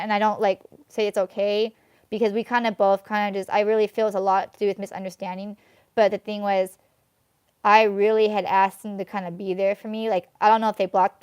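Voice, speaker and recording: A woman in the middle of a live tarot reading, talking in a loose, rambling way and circling back on herself. Her voice is smooth and clear, at an ordinary pitch, and it sits close and dry on the mic. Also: a little mellow, no echo. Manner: rambling, venting, heavy use of fillers such as "like" and "you know what I mean". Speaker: tarot reader.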